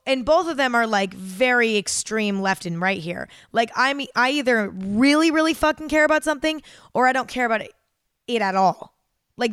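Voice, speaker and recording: A woman's voice: medium pitch, clear, resonant tone, dry recording, studio quality. A young woman hosting her own podcast, talking candidly and casually, with lots of "like" and frequent swearing. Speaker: podcast host. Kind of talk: casual confessional monologue.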